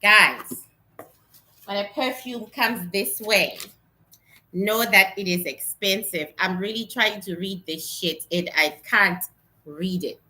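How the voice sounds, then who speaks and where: A woman in her thirties from Africa, chatting excitedly while unboxing gifts in a casual vlog. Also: medium pitch, slow pace. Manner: excitable, exclaims often, chatty. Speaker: vlogger.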